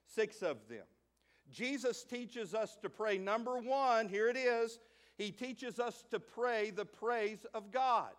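A middle-aged male pastor preaching a sermon in an animated way, moving from hushed asides to loud, emphatic lines. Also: high-pitched. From United States. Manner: acts out a child's voice in stories.

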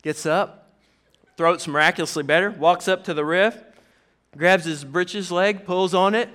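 Animated Southern pastor, bright voice. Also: male voice, sits high, unhurried. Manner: animated storyteller, acts out quotes. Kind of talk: sermon with personal stories. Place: church.

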